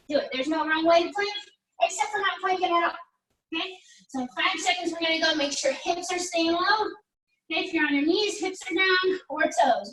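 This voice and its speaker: A woman's voice: very high voice, a bit bright. A woman leading a pilates workout class, chatty and encouraging as she counts down reps. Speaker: pilates instructor. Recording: echoey room, mic at a distance.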